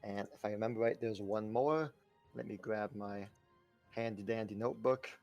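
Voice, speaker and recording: A man running a tabletop role-playing game as game master, explaining rules with many pauses and fillers. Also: lowish voice, darkish tone, lo-fi sound, faint music behind.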